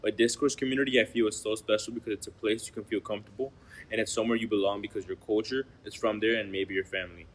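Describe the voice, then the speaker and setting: A young man from the United States reading a class presentation, steady, often trailing off quieter at the ends of phrases. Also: on the low side, fast talker, a little hiss or hum, poor audio. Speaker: student presenter.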